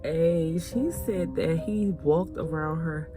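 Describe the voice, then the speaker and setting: Slow, low-voiced woman telling a story. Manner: chatty, addresses viewers as y'all. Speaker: video host. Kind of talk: casual storytelling to viewers. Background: music.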